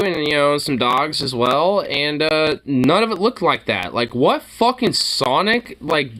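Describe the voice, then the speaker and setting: Animated, profane reaction host. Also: medium pitch. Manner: loose, profane, rambling with many fillers. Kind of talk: casual reaction commentary.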